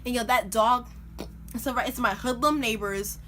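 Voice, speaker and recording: A young woman vlogger telling a funny personal story in an animated, chatty way, full of "like" and "you know". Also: fairly high pitch, moderate pace, slight background noise. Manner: animated, chatty, filler-heavy with lots of "like". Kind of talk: casual storytime.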